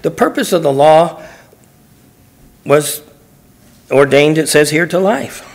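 A man's voice: fairly high pitch, expressive, takes it slowly. A man, a pastor in church, teaching through a Bible passage verse by verse, reading each verse aloud and explaining it phrase by phrase in plain, conversational words.

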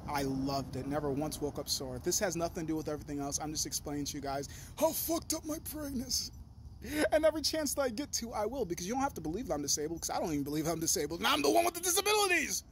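A young man with a notably high voice talks straight into the camera in a loose, rambling vlog. He swears freely, jumps from one thought to the next and gets animated as he goes. A faint background hum sits under his voice. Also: fast. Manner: profane, animated, digressive; talks in a high sing-song to his dog. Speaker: vlogger. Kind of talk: rambling casual monologue.

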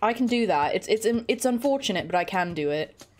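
A woman streamer chats casually at home in a medium-pitched, lively voice, talking briskly and rambling with joking self-deprecation. She sits close to her desk microphone for this gaming stream, with faint music in the background.

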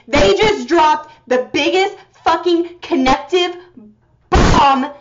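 Young woman, high voice, excitable and foul-mouthed reactor; muffled audio, loud music underneath. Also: moderate pace, noisy background. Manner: excitable, profane, gasping and exclaiming. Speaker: video reactor. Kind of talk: reaction commentary. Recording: slightly muffled audio with music playing behind. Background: music video playing.

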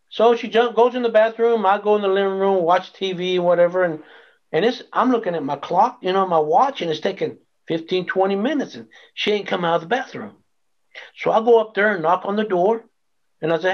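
Interview guest, male, raised pitch, animated testimony storytelling, muffled lo-fi audio. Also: a little fast. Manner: animated storyteller acting out quoted dialogue. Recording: dull lo-fi sound.

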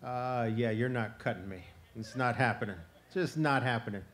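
A worn-out mama opossum, skeptical and slow to agree, pushing back on ideas, as a male storyteller puts her on. His voice stays near a man's ordinary middle pitch. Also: natural voice. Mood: refusing. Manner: doubtful, hesitant. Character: wary, worn-out mother opossum.

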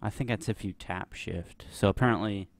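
Casual: young dude playing a scary game, jittery and rambly, lowish voice. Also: male voice, moderate pace, creaky, no echo. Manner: nervous, rambling, many fillers. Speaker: gameplay commentator. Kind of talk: let's play commentary.

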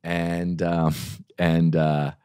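A young man hosting a podcast, telling a story in casual chat, swearing and rambling with restarts and high-pitched quoted voices. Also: little pitch movement, extremely slow, darkish tone, clean tone. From New Jersey. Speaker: podcast host.

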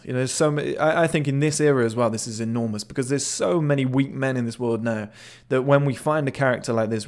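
A man's voice: medium pitch, darkish tone. Chatty man breaking down a clip. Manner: chatty, swears, repeats words when restarting. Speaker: body language analyst. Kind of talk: casual video commentary.

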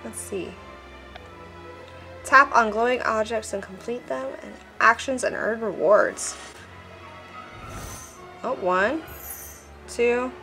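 A woman casually commenting while playing a mobile game, chatty and excitable, reading the on-screen text aloud. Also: fairly high pitch, slow, vocal fry, long pauses, soft background music. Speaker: gameplay vlogger. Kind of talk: casual let's-play commentary.

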